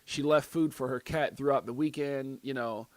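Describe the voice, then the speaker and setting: A man hosting a crypto livestream in casual chat, loudly shouting out viewers in a slangy, animated way. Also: medium pitch, moderate pace, no echo. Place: Las Vegas.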